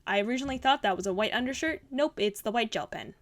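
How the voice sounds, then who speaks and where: Young female art vlogger, bubbly and rambling, slightly high voice, casual critique delivery. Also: lively intonation, fast talker. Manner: bubbly, gushing, rambling with fillers. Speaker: art channel host.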